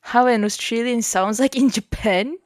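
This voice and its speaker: A woman's voice: on the high side, moderate pace, no room sound, studio quality. A woman streaming as a VTuber, chatting casually and giggling as she studies. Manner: chatty, mixes languages, giggly asides. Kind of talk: casual study stream chat.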